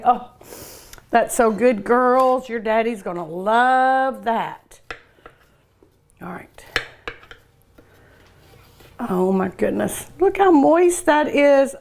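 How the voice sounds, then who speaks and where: Extremely slow with vocal fry and long pauses, an older woman's slightly high voice comes through with a bit of background noise. The Kentucky-accented cooking show host and restaurant owner tastes dishes, gushing over each bite and humming and sighing in between.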